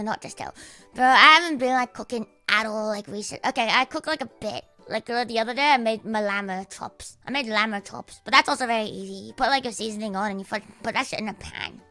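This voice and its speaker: Sweary Australian girl streamer, bright voice. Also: no room sound. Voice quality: high, cute anime-like voice. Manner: sweary, rambling, laughs often. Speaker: livestreamer. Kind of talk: casual livestream chat.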